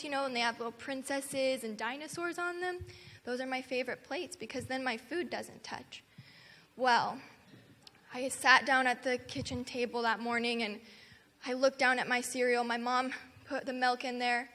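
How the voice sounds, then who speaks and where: A woman telling a children's story in a church service, expressive and animated as she talks to the kids. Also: sits high. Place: church sanctuary. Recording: long hall reverb, faint noise.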